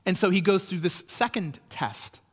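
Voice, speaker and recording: A man's voice: high-pitched, animated, moderate pace, husky, in a large hall. A man preaching a sermon in a conversational way, often checking in with his listeners. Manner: conversational preaching with frequent "right?" asides. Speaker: pastor.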